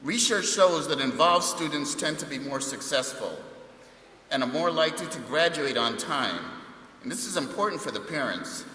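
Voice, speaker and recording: A man's voice: fairly high pitch, animated, moderate pace, bright, forceful tone. A middle-aged man, a university administrator, giving a welcome speech with jokey stories in a large chapel. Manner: jokey storytelling. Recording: echoey chapel hall.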